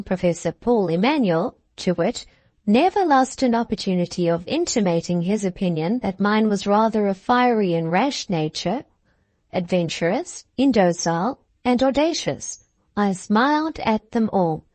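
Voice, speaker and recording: A woman narrating a classic novel in the first person, measured and even. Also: mid-range voice, no echo. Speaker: audiobook narrator.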